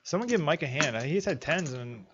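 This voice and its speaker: A man's voice: on the high side, expressive, moderate pace. A man giving casual, joking poker commentary, teasing his co-host. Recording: muffled stream audio with noise.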